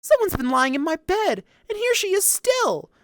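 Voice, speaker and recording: A man voicing a tiny wee baby bear in a storybook, with a shrill, sharp little voice. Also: very animated, normal speed, dry recording, clean studio sound, heavily acted. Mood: alarmed.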